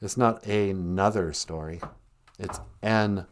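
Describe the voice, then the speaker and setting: A man from Minnesota hosting a casual, jokey live-stream podcast, sounding out words slowly and carefully. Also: deep voice, a little hiss or hum. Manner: playful, jokey, teaches words with slow careful pronunciation. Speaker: podcast host.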